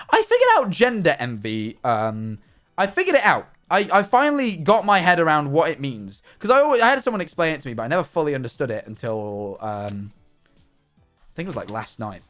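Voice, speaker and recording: A man's voice: on the high side, a bit bright. A man live streaming while he plays a game, talking in a rambling, chatty way with many restarts and fillers. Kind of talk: casual chat while playing a game.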